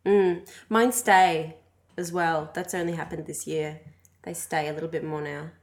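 A woman in casual podcast chat, expressive and quick to laugh. Her voice sits a little low. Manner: chatty, expressive, laughs often. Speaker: podcast co-host. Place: house.

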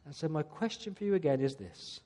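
A man's voice: a little high, lively intonation, brisk, dark tone. A man preaching a sermon to his church, earnestly putting rhetorical questions to the congregation. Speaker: pastor. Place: church service.

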